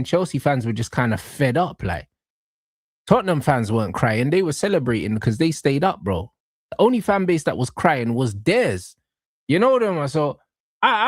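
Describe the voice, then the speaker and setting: A man's voice: fairly high pitch, no room sound, clean studio sound. A man, co-hosting a reaction show, trading mocking, slang-heavy football banter. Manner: mocking, slangy, animated trash talk. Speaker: reaction channel co-host.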